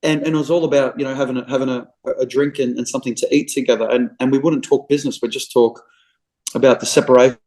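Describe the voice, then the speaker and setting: A man's voice: mid-range voice, fairly even intonation, fast talker, darkish tone, low-quality recording. A middle-aged man with an Australian accent, a real estate agent telling anecdotes in a casual podcast interview. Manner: chatty, anecdotal storyteller.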